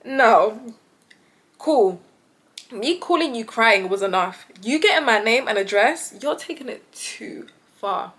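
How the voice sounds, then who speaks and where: Young British woman, higher-pitched voice, casual storytime vlog, animated, frequent laughs. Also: normal speed, few pauses. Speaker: vlogger.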